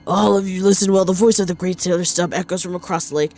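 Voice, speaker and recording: A woman's voice: on the low side, steady tone, quick pace, darkish tone, faint music behind, natural voice. A woman streamer voicing a grandiose old female ship captain, improvising a mock-solemn, archaic voice-over.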